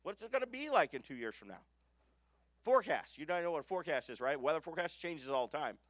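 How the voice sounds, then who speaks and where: Male business coach, high-pitched, emphatic seminar delivery, dry close sound. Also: big pitch swings, fast talker, fairly bright tone, no room sound. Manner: emphatic, asks the room questions. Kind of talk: live seminar talk. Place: conference room with an audience.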